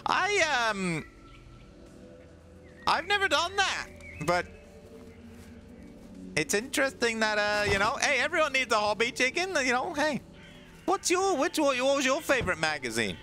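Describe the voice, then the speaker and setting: A male streamer giving casual, joking gameplay commentary, excitable and dropping into goofy low voices now and then. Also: unhurried, pauses often, faint music behind.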